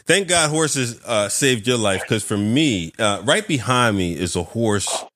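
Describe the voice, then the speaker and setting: A man hosting a podcast interview, telling a story in a lively, animated way and acting out the voices in it. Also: medium pitch, measured pace, no room sound, studio quality. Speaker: podcast host. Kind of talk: casual interview chat.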